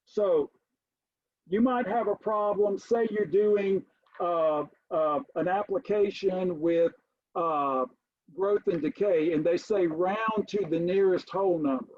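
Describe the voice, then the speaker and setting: A middle-aged man, a college math instructor, giving a recorded lecture, stressing key points emphatically and addressing the class as ladies and gentlemen. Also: high voice, slow, no echo, dull audio.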